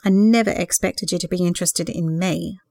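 A woman voicing a hopeful, earnest young woman in love, speaking softly and a little higher than her narration. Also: normal speed, creaky, dry recording, clean studio sound. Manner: earnest, emotional, sighing.

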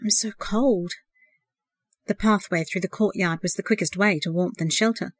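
A woman narrating a novel as an audiobook, in a measured, expressive reading. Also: lowish voice.

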